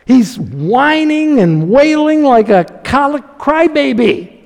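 A man's voice: high-pitched, darkish tone, husky, long reverb tail. A man preaching a sermon as pastor, reading scripture dramatically and talking animatedly with chuckles.

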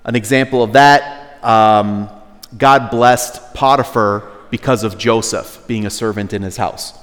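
A man preaching a sermon in a relaxed, conversational way, at times exasperated. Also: lowish voice, a little slow. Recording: long hall reverb.

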